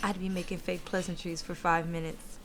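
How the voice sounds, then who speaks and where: A woman's voice: lowish voice, flat delivery, moderate pace, fairly bright tone, a little hiss or hum, lightly acted. An actress playing a blunt, no-nonsense woman facing her ex-husband. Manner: curt, blunt, cutting. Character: sharp no-nonsense woman, custody fight with ex, 30s.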